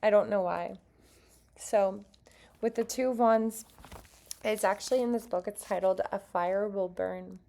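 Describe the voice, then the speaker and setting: A woman's voice: mid-range voice, fairly even intonation, measured pace, gravelly, pauses often, mellow. A woman giving a casual tarot card reading to her viewers, chatty and earnest, with self-aware asides as she reads. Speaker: tarot reader.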